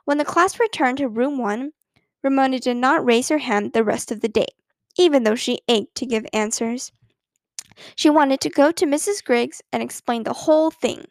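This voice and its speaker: Reading a children's storybook as narrator, this woman sounds lively and expressive, her high voice a bit creaky. The recording is close and dry, with no room sound at all.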